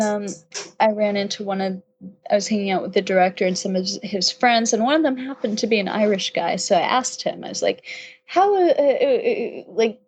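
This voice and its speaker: A woman's voice: mid-range voice, darkish tone, dull audio. A young woman from upstate New York, a podcast guest chatting casually, rambling and laughing often.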